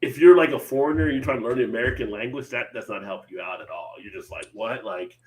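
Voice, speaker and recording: A man's voice: medium pitch, quick pace, slight background noise, rough recording. A man from New Jersey hosting a casual beer live stream, joking around and reading out beer news. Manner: laid-back, joking, reads beer news aloud. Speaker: beer show host.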